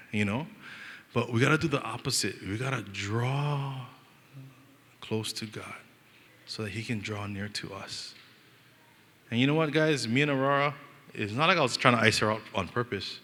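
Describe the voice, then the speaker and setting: A young man from Hawaii preaches with a relaxed Hawaiian Pidgin lilt, his voice bright and forward. He tells stories in an animated, joking way and acts out the people in them, and his words ring out in the long reverb of a church hall. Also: medium pitch, normal speed, long pauses. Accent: Hawaiian Pidgin-inflected English. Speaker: pastor. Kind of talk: storytelling sermon.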